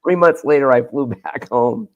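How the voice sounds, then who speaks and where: A man's voice: mid-range voice, animated, moderate pace, narrow, tinny audio. Rambling man. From Boston area. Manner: rambling, searching for words. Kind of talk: casual chat.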